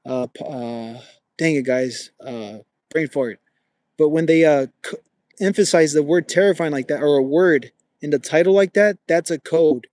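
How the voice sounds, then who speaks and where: A man's voice: fairly high pitch, normal speed, a little mellow, no room sound. A young man hosting a casual livestream while he walks, chatting with viewers and calling them bro. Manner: talks to chat viewers, says bro often; walking with a gimbal. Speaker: livestream host.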